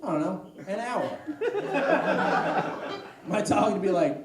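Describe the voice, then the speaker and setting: Rambling stand-up comic in echoey room. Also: male voice, high voice, slow pace. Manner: rambling storytelling with deadpan asides. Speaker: stand-up comedian. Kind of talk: stand-up comedy set. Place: comedy club stage. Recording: echoey room, distant mic, noise. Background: audience laughter.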